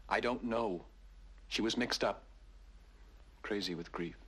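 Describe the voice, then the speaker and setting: An actor playing a mysterious, secretive young man who speaks quietly and evasively in a 1970s TV drama. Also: on the low side, takes it slowly, breathy edge, heavily acted. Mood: guarded.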